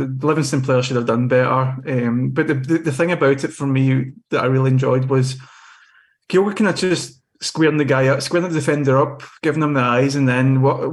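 A young man on a podcast panel, talking football in a casual, rambling way with frequent restarts. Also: medium pitch.

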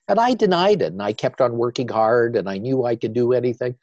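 An older man, a guest on an interview show, telling his story with animated repetition. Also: medium pitch, a little fast, dry recording, muffled recording.

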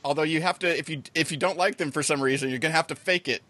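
A man's voice: fairly high pitch, rapid-fire, sharp tone, no echo. A man hosting a podcast in casual chat, laughing often while he teases his guests. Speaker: podcast host.

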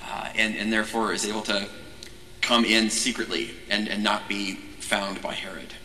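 A man's voice: lowish voice, moderate pace, a little hiss or hum. A man who is a Catholic priest, giving a casual, jokey teaching talk and often stopping to restart his sentences. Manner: animated, jokey, self-interrupting. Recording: echoey hall with long reverb.

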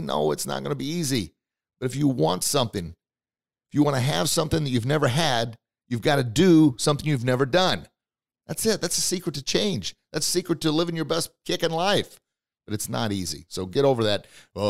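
A man's voice: mid-range voice, gravelly. Punchy motivational podcast man. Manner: energetic, acts out voices in stories; punchy, repeats short phrases for emphasis. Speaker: podcast host.

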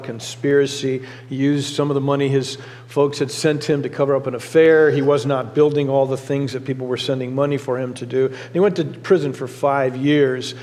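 A man's voice: medium pitch, darkish tone. A middle-aged man, a lead pastor, preaching a sermon in a church and telling a story earnestly, with occasional fillers. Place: church sanctuary. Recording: long hall reverb.

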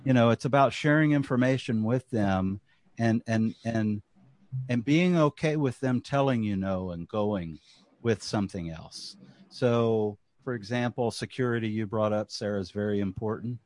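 A man's voice: lowish voice, moderate pace, darkish tone, no echo. Southern guy chatting on a podcast, talks a lot, trips over his first words, dry mic. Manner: talkative, repeats words when starting sentences. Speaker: podcast co-host. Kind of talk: casual chat.

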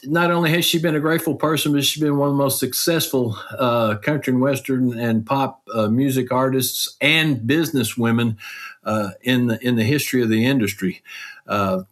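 A middle-aged man hosting a podcast, giving a folksy, animated motivational talk. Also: normal speed. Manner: folksy, animated, with mock quotes in a higher voice. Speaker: podcast host.

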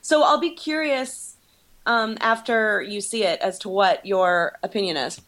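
A woman appears as a guest on a podcast over a remote call. She's a YouTube creator who chats playfully, giggling and poking fun at herself. Her mid-range voice is fairly bright and a little slow.

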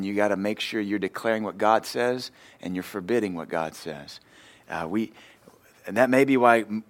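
Joking man preaching a sermon. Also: medium pitch. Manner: joking, animated preacher who laughs at his own stories. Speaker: pastor.

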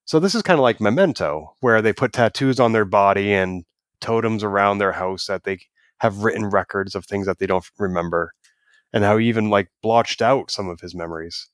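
A man co-hosting a podcast, chatting in a casual, animated way and acting out quoted lines as he tells stories. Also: lowish voice, brisk, no echo, clean studio sound. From United States. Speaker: podcast co-host. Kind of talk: casual review chat.

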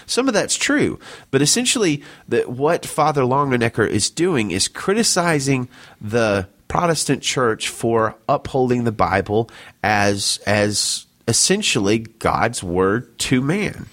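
A man co-hosting a casual discussion podcast, speaking earnestly with frequent restarts and pauses. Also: medium pitch, sing-song, fairly bright tone. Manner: earnest, halting, many restarts, reads quotes aloud. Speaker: podcast co-host.

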